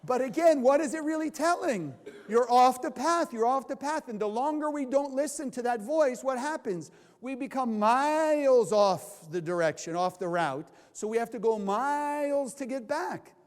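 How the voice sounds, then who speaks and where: High-voiced man lecturing in a hall. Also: lively intonation, normal speed, few pauses, darkish tone. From California. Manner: asks the audience questions and answers them himself. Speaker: Kabbalah teacher. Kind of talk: lecture to a live class. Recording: long hall reverb.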